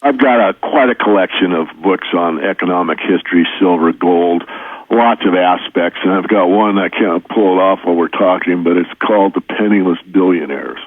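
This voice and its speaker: A man with a low-sitting voice, a precious metals educator, gives casual, earnest, folksy explanations as an interview guest and keeps repeating his practical points. The call comes through a tinny phone line, and there's no echo.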